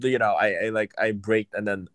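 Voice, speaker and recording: A man in casual chat, telling a story in an animated, profane and sassy way. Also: lowish voice, moderate pace, no echo.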